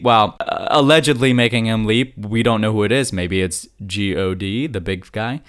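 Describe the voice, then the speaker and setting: Rambling, animated man co-hosting a podcast. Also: lowish voice, normal speed, hardly any pauses. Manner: rambling, animated storyteller who repeats himself. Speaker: podcast co-host. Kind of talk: casual chat.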